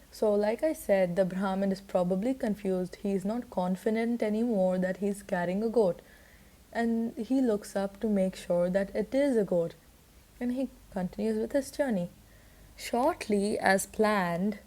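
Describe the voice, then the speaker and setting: Mellow woman explaining a story. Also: medium pitch. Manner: patient, explanatory, with fillers. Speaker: storyteller and teacher. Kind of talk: story reading with explanations for children.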